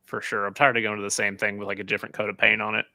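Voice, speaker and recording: A man's voice: on the low side, level tone, rapid-fire, creaky, sharp tone, no room sound. A man co-hosting a podcast in casual chat, blunt and swearing casually. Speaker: podcast co-host.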